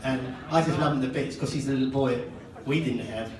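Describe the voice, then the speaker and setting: A crowd murmurs behind an older man speaking a little fast in a mid-range voice. As father of the bride, he tells jokes at his own expense and laughs between lines inside an echoing reception hall, recorded from a distance with lots of noise.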